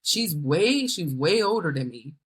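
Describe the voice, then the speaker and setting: A woman in her thirties hosting a podcast, telling her own work story in casual chat, lively and exasperated, with quoted retorts. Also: low voice, a little slow, breathy edge. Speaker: podcast host.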